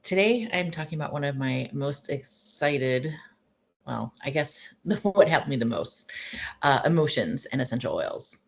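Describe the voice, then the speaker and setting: A woman's voice: a bass voice, animated, unhurried, vocal fry. A middle-aged woman hosting a wellness class, telling her own story in an earnest, rambling way. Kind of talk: casual personal talk and teaching.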